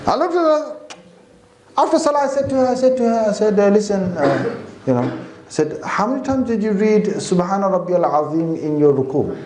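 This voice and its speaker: A British man giving an animated Islamic talk, stopping now and then to chant and recite. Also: sits high, fairly quick, background noise. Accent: British English. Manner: animated, demonstrative, chants and recites between points. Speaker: religious teacher. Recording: echoey hall.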